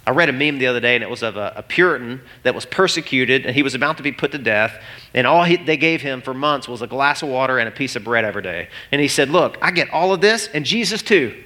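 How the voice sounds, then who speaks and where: A man's voice: mid-range voice, fast talker. A man in his thirties preaching a sermon, telling a story and acting out the voices in it. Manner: animated storytelling, acts out voices. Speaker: pastor.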